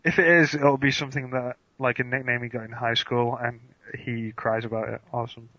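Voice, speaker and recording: A man's voice: mid-range voice, flat delivery, brisk, sharp tone, no room sound. A young man co-hosting a podcast, teasing and laughing easily in casual chat. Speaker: podcast co-host. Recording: dry, slightly muffled lo-fi audio.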